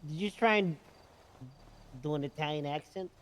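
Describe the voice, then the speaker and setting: A man's voice: fairly high pitch, normal speed, slight background noise. A man in an in-character roleplay, sulky and blunt, refusing to let go of a grudge. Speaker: roleplay player.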